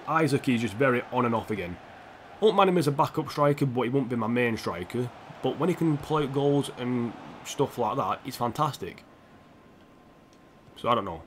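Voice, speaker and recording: A man's voice: mid-range voice, slight background noise. A young man live-streaming a football game, rambling and opinionated, swearing freely as he plays. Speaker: gaming streamer.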